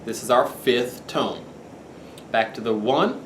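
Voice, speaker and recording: A man teaching bass guitar, patiently counting out scale tones as he plays. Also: slow. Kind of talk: instructional lesson. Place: room with bass guitar playing. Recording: roomy echo with bass guitar playing.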